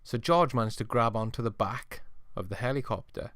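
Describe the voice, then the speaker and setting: A man's voice: medium pitch, normal speed, a bit bright, no echo, clean studio sound. A man narrating a toy play story and chatting to young viewers as a channel host.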